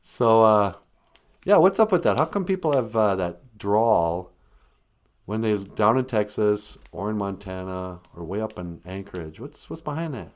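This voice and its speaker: A man's voice: on the low side, animated, unhurried. A man hosting a casual, comedic live stream, telling stories and teaching words in a jokey way, laughing often.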